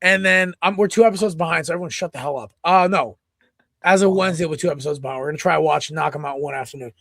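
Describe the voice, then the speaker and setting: A man co-hosting a sports podcast, chatting casually and excitably, rambling with lots of restarts. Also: fairly high pitch, very fast, vocal fry, no echo, studio quality. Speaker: podcast co-host.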